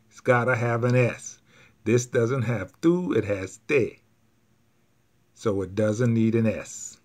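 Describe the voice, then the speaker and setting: A man's voice: mid-range voice, a bit bright. A man teaching Spanish grammar to a class, patiently repeating each point step by step.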